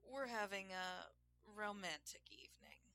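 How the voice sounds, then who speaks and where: A woman's voice: medium pitch, animated, unhurried, gravelly, pushed and bright, full character voice. Woman voicing a domineering stern man. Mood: offhand. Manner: commanding, growling. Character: domineering adult man, stern, teasing lover.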